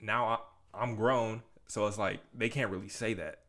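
Low-voiced laid-back young man. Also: measured pace. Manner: relaxed, agreeable, backs up his co-host with short replies. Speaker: podcast co-host. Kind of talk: casual podcast chat.

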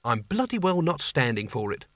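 A man's voice: mid-range voice, big pitch swings, moderate pace, a bit bright, dry recording. A man voicing a fierce, no-nonsense young woman who speaks firmly and curtly. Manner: firm, clipped, commanding.

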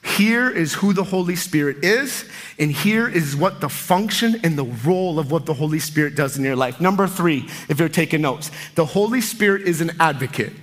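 Pastor, male, bright high voice, energetic emphatic preaching. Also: moderate pace. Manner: energetic, emphatic preaching with sudden loud peaks. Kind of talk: sermon.

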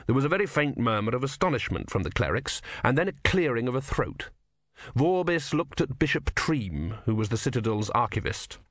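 A man narrating an audiobook with expressive storytelling. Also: mid-range voice, fairly quick, dry recording, clean studio sound. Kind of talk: scripted narration.

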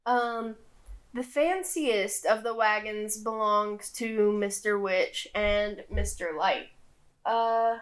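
Slow-talking young woman game master. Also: medium pitch. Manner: relaxed, with many fillers. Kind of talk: narrating a tabletop game.

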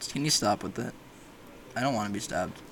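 A man's voice: on the low side, a little fast, creaky, fairly bright tone, slight background noise. A young man hosting a casual podcast chat, rambling and joking with frequent laughter. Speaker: podcast host.

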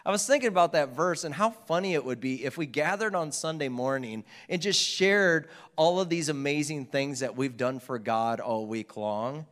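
Pastor, male, higher-pitched, relaxed conversational sermon with jokes to the room. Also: moderate pace, hardly any pauses. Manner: conversational preaching with asides and jokes to the congregation. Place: church.

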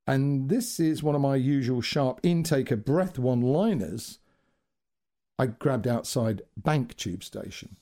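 A man's voice: medium pitch, mellow, slightly rough. A man telling a wry, anecdotal story as a storyteller. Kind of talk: storytelling narration.

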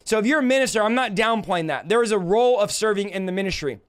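A man preaching a livestreamed sermon, emphatic and impassioned, slowing down to draw out scripture quotes and rising sharply when he rebukes. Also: high-pitched, lively intonation. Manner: slows to drawn-out delivery when quoting scripture.

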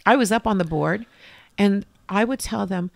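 A woman's voice: mid-range voice, moderate pace, gravelly, no echo. A middle-aged woman telling a personal faith story as an interview guest, acting out past conversations with strong emotion.

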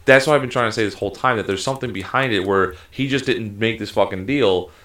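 A man's voice: lowish voice, fast talker, fairly bright tone. A man co-hosting a casual sports chat, talking heatedly and emphatically with lots of swearing. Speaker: podcast co-host.

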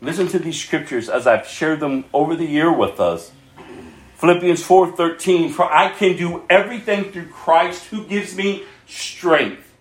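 A man's voice: on the high side, unhurried, roomy sound. A male pastor preaching a sermon, earnestly reading scripture aloud and chuckling often as he speaks.

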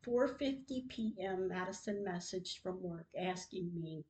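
A woman's voice: fairly low pitch, expressive, measured pace, darkish tone, low-quality recording. A woman hosting a podcast, reading her own diary entries aloud in a grieving, emotional way. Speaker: podcast host.

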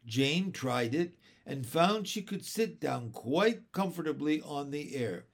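Male narrator, storybook reading, slightly high voice, very animated pitch. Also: vocal fry. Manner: expressive, unhurried reading. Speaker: audiobook reader.

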